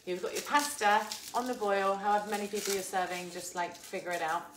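A woman's voice: medium pitch, steady tone, brisk. A woman, chatting casually and laughing as she hosts a live cooking stream from her home kitchen and greets viewers by name. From England. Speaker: cooking show host. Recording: echoey kitchen with faint background noise.

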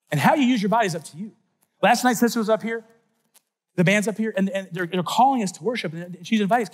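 A middle-aged man giving an animated faith talk at a youth conference, telling stories with sudden shouts and soft asides. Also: sits high, breathy edge. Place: large conference hall.

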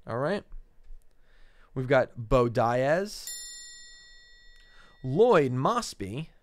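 Male co-host, casual and chatty, smooth clear voice, dry close mic. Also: medium pitch, big pitch swings, very slow, no room sound. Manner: easygoing, lots of fillers, names cards aloud. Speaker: co-host opening card packs. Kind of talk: casual chat.

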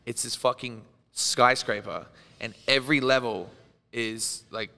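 A man's voice: mid-range voice, a little slow, sharp tone, long reverb tail. A young Australian man in his twenties, a podcast guest telling wild stories in casual chat, rambling and swearing as he acts out what people said. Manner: rambling storyteller, swearing and laughing, acting out quotes.

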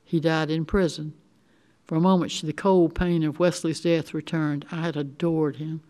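An older woman reading a short story aloud in the first person, with steady, measured storytelling. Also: sits low. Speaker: resident reader.

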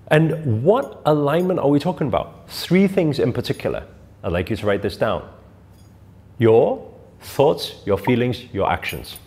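Lively-voiced man teaching with rhetorical questions. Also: mid-range voice. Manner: emphatic, rhetorical questions, repeats key phrases. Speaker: spiritual teacher. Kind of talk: motivational teaching talk.

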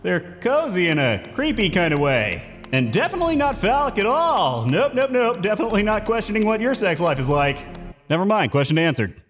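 A voice actor and channel host uses a high, sing-song, brisk voice to play a sarcastic, nervous little male bug knight in a comedy fan-parody. The wisecracking character bounces between bravado and panic over a music bed.

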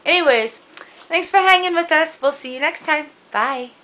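A woman's voice: high voice, moderate pace, sharp tone, low-quality recording. Chatty playful woman vlogging. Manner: chatty and playful, baby talk to her dog. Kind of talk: casual vlog chat. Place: garden outdoors.

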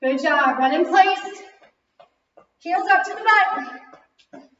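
A woman's voice: extremely high pitch, slow pace. A female fitness instructor leading a kickboxing class, counting reps and calling moves while working out, a little out of breath. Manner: energetic counting and cueing while exercising. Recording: very echoey distant lo-fi recording.

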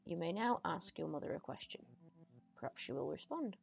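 A woman reading the lines of a young female psychic in a slow, hushed, mystical manner for a narrative game. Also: lowish voice, big pitch swings, gravelly, lo-fi sound, soft background music, exaggerated voice. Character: solemn young female psychic with witchy flair.

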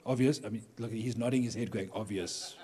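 Speaking to a live audience of pastors in a large hall, a workshop speaker from Durban, South Africa, tells funny anecdotes and acts out the people he quotes. His medium-pitched voice is warm and steady, and he talks quickly. The recording carries a long hall reverb.

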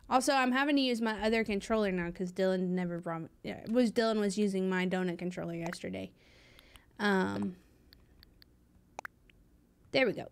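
A woman's voice: medium pitch, steady tone, normal speed, pauses often, slight background noise. A young woman streaming a game live, chatting in a rambling, bubbly way with lots of fillers and thanking viewers as they comment.

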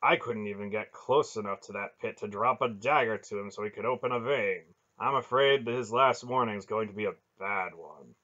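Guy narrating a hoarse gruff trader, loud and blunt, low bright voice, dull lo-fi audio. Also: moderate pace, few pauses.

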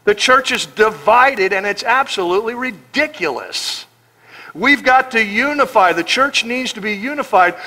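A middle-aged man preaches with a high voice and a bright, forceful edge. He jokes freely and slips into the voices of the people he quotes. He talks to the congregation like an old friend. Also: normal speed. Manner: animated, joking, acts out quoted voices. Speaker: pastor. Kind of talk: sermon.

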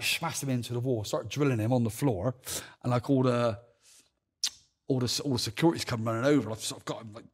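Husky Bristol man telling rough stories. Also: mid-range voice. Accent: Bristol English. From England. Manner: swears heavily, acts out dialogue, laughs while telling stories. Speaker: podcast guest. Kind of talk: casual storytelling.

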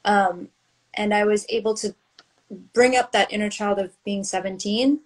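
A woman's voice: mid-range voice, steady tone, moderate pace, low-quality recording. A woman author in candid, casual conversation on a video livestream, laughing often and speaking openly. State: tearful near the end. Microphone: livestream video call.

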